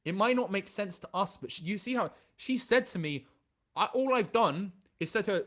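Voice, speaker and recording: A man's voice: sits high, animated, normal speed, a bit bright. A man teaching a dating class, blunt and profane, often stumbling and restarting his sentences. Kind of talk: live online class, reading chat aloud.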